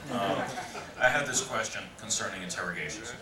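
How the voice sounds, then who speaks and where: A man's voice: fairly low pitch, expressive, a little fast. Wry man asking a question from the floor. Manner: wry, self-deprecating questioner. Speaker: audience member, former police legal advisor. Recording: echoey hall from far off with a crowd.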